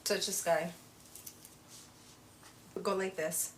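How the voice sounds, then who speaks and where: A woman's voice: on the low side, steady tone, drawn-out words, slight background noise. Chatty mother on a home livestream. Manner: chatty and motherly, talks to her child and to viewers. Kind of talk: casual livestream chat.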